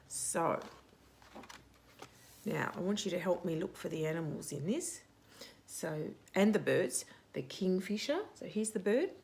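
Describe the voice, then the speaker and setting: Animated woman reading a children's story. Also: on the low side, creaky, slight background noise. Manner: animated, with dramatic whispers and sound effects for children.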